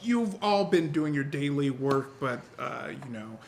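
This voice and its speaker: A man's voice: mid-range voice, animated, unhurried, vocal fry, a little hiss or hum. A man acting as game master, chatting casually and laughing often as he runs a tabletop role-playing game.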